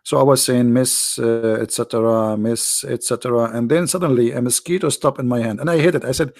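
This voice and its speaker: A man with an Arabic accent hosting a live online talk, animated and mocking, often repeating himself. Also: mid-range voice, a little fast, gravelly, few pauses. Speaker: online show host. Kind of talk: casual live-stream talk.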